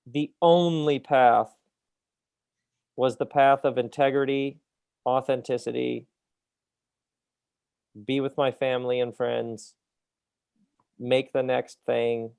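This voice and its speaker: A middle-aged man, an author being interviewed, talking in an animated, reflective way and often laughing at himself. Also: medium pitch, gravelly, clean tone, no echo, studio quality. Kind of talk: casual interview conversation.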